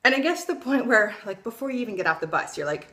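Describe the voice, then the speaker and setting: Blunt, animated young woman vlogger. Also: fairly high pitch, quick pace. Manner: blunt, swears freely, animated storytelling. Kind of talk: casual opinion vlog.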